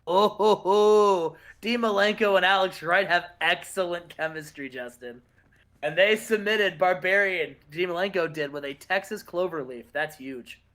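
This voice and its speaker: A man's voice: high voice, moderate pace, fairly bright tone. A man doing let's-play commentary on a wrestling game in a mock announcer style. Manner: mock sports-announcer delivery.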